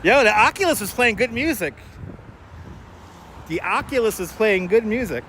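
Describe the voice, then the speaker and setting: A man hosting a live walking stream, talking casually and joking with his viewers as he strolls. His voice sits high for a man. He uses a clip-on wireless mic, with loud traffic and street noise all around. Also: animated, normal speed. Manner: chatty and joking, answers viewers by name. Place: outdoors on busy city streets and bridges.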